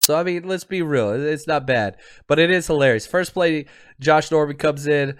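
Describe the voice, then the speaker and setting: Animated man hosting a football livestream. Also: a little high, normal speed, clean tone. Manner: animated, chatty, laughs often. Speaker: podcast host; teacher and football coach. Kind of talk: casual livestream chat.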